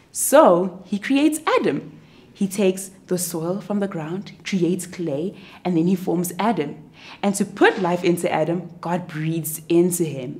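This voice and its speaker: Animated young woman telling a Bible story to kids. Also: on the low side, measured pace. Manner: animated, expressive storyteller for children. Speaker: children's church teacher. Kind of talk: kids' Bible story narration.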